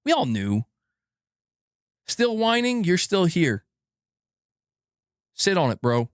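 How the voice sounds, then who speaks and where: A young man giving a profane, animated gaming news rant, laughing and talking back to his viewers. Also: sits high, slow pace, no room sound, clean studio sound. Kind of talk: casual ranting commentary.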